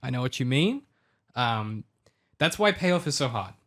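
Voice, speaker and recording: A man co-hosting a casual podcast, enthusiastic and talking in quick bursts. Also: mid-range voice, big pitch swings, fairly bright tone. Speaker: podcast co-host. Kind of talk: casual chat.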